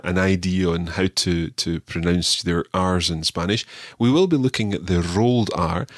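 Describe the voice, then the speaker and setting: Scottish male podcast teacher, deep and slightly husky, dry studio sound, patient explainer. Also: a bit bright, no echo. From Scotland. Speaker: language podcast host. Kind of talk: podcast pronunciation lesson.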